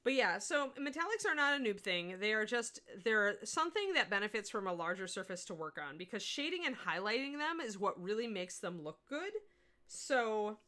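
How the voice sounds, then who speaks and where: Woman painting instructor on a casual stream, bright, talkative, answers viewers as she works. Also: mid-range voice, very animated, normal speed. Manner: chatty, answers viewer chat while painting. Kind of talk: casual livestream painting lesson.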